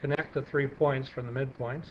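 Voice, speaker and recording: A man's voice: mid-range voice, fairly even intonation, moderate pace, reverberant. A male math teacher giving a classroom lecture, explaining steps as he draws and asking students questions. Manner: walks students through steps, asks them questions. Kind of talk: classroom lecture while drawing on the board. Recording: dull lo-fi classroom recording with faint hiss.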